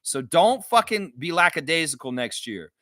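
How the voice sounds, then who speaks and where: Blunt ranting man, bright voice. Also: on the high side, very animated, normal speed, dry recording, clean studio sound. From Canada. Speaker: live stream host reading chat. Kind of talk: casual live-stream chat.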